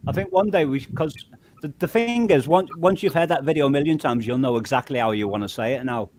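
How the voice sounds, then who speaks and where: A man's voice: mid-range voice, brisk, a little mellow, slight background noise. A man with an English accent leaning toward Scouse, chatting casually on a panel and rambling through explanations. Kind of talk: casual chat.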